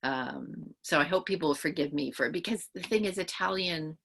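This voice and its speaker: A woman's voice: sits low, fairly quick, vocal fry, fairly bright tone, slight background noise. A woman author answering interview questions, thinking aloud at length and often restarting her sentences. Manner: thoughtful, explaining at length with many restarts.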